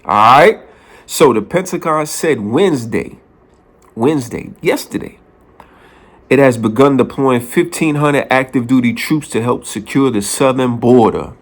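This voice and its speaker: A man's voice: mid-range voice, a little slow. A man from the Bronx, talking in a casual opinion vlog and hammering his points with repeated phrases. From New York, the Bronx. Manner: emphatic, repeats phrases for punch. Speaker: vlogger.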